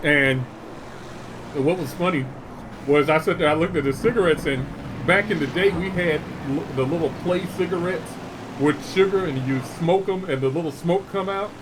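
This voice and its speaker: A middle-aged man hosting a gaming show, telling stories in a folksy, animated way between laughs. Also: fairly high pitch, normal speed, noisy background. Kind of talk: casual storytelling while streaming a game.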